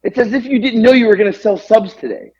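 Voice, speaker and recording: A man's voice: sits high, fast, slightly rough, dull audio. A man co-hosting a podcast, telling a long exasperated story full of swearing. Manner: animated, profane, exasperated ranting. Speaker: podcast co-host. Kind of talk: casual storytelling rant.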